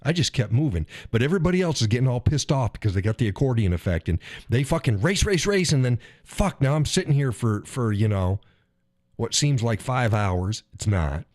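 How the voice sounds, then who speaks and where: Man, live stream host, casual rant, profane, very lively pitch, dry close sound. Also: a little fast, no echo. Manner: profane, animated, acts out quoted drivers.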